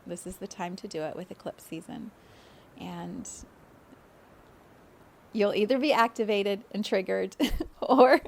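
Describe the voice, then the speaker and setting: A woman hosting a spiritual podcast, talking in a gentle, flowing way and laughing often. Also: mid-range voice, creaky, slight background noise. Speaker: podcast host, spiritual guide.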